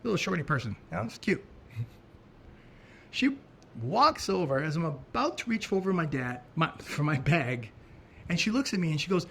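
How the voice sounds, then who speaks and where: A middle-aged man tells a personal story in relaxed, lively conversation, speaking in a fairly high voice for a man. He talks expressively, stops and restarts his phrases, and stresses his points as he goes. A faint hiss of noise sits under the recording. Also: moderate pace. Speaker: podcast co-host. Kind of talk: casual storytelling talk.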